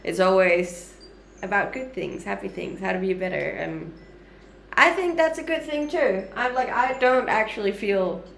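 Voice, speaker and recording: Chatty woman in her thirties, mixed Danish-Canadian-Australian accent, slight fry. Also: mid-range voice, expressive, normal speed, fairly bright tone, a little hiss or hum. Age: 30s. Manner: upbeat, chatty, frequent light laughs. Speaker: livestreamer. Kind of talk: casual livestream chat answering viewer comments. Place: home kitchen.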